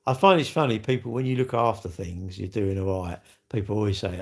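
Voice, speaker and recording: A man's voice: on the low side, fairly quick. A man chatting sarcastically with his live-stream viewers from home, mocking their comments. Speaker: livestreamer. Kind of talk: casual live-stream chat. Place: home, near his kitchen.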